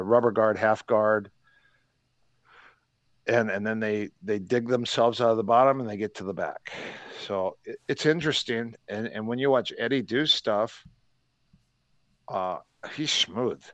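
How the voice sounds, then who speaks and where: Older man telling rambling stories, low and dry. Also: a little slow, no echo, dull audio. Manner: rambling anecdotes with frequent restarts. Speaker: guest, martial arts coach. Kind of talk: casual podcast chat, storytelling.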